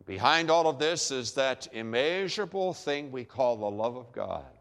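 A man's voice: mid-range voice, expressive, a bit bright. Emphatic preacher man in a reverberant hall. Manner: emphatic preaching, dramatic pauses and repeated phrases. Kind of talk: sermon.

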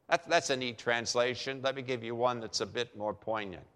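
A man preaching a sermon emphatically, with dramatic pauses and repeated phrases for effect. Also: mid-range voice, fairly bright tone, smooth. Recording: long hall reverb.

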